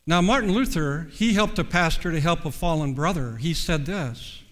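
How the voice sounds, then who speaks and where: A man preaching a sermon, measured and earnest, slowing down to stress key words. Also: a little high, fairly bright tone. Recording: long reverb.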